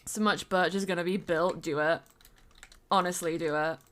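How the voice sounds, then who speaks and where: A woman's voice: on the low side, fairly even intonation, normal speed, fairly bright tone. A woman streamer chatting casually while she builds in a game, rambling on with fillers and bits of humming.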